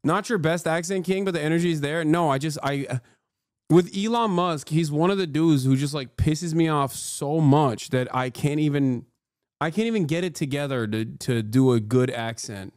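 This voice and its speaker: A man's voice: a little high, normal speed, darkish tone, no echo, clean studio sound. A male streamer giving live reaction commentary in a profane, sarcastic, ranting manner. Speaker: streamer, host.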